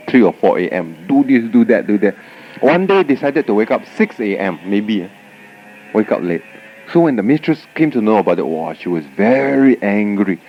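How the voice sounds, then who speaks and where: A man giving a Buddhist dharma talk, telling stories animatedly and often tagging lines with "huh?". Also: lowish voice. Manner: animated storytelling, frequent "huh?" tag questions. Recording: dull lo-fi 1989 tape recording.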